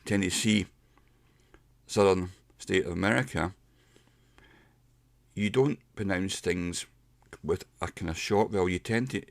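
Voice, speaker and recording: A middle-aged man giving a casual pronunciation lesson, explaining step by step and slowing down to demonstrate sounds. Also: deep voice, vocal fry, no room sound. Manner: unhurried, explains step by step with slowed demonstration words. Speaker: English pronunciation teacher.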